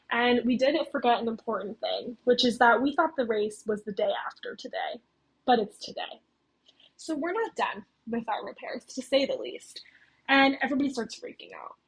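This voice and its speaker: A young woman with a slightly high, breathy voice talks through a game's plot like she is telling a friend. She peppers her sentences with "like" and checks in with "okay?" as she goes. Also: rough recording. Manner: chatty, fills talk with "like" and "okay?". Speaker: video essayist recapping a game's story. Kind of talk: casual story recap.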